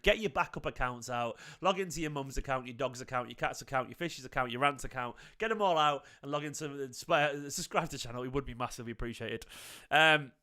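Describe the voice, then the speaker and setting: A man's voice: fairly high pitch, pushed and bright. A man hosting a football fan channel, giving an emphatic post-match reaction and repeating phrases for emphasis.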